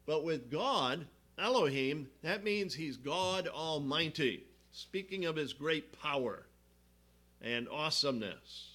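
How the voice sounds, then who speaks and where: A male pastor delivers a sermon in an unhurried, deliberate way. His voice sits a little high for a man and rings bright and forceful. He teaches from slides and asks the congregation questions. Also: lively intonation.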